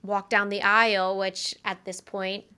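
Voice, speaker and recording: A young woman co-hosting a podcast tells a personal story. Her voice is bright and crisp, and her tone is earnest and conversational, with plenty of "um"s along the way. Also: medium pitch, level tone, unhurried. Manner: earnest, conversational with frequent fillers. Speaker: podcast co-host.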